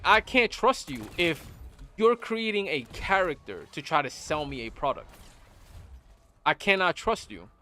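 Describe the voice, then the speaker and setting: A man streaming a game, giving his blunt opinions in casual chat and often repeating himself. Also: on the high side. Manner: blunt, animated, repeats phrases. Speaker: gaming streamer. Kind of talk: casual opinion talk while gaming.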